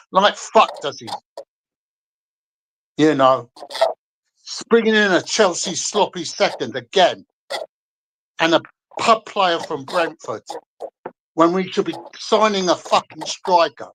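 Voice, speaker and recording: A man's voice: fairly high pitch, lively intonation, unhurried, long pauses, background noise. A man calling in to a fan stream, ranting angrily and swearing at another fan. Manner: angry, swearing, combative. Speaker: guest caller. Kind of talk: heated fan rant.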